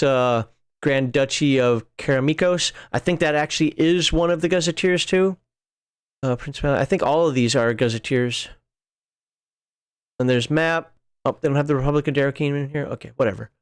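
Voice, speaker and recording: A man's voice: medium pitch, moderate pace, clear, resonant tone. A man hosting a show, reading rules aloud and wandering off into chatty asides. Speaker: podcast host. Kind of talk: casual rules walkthrough.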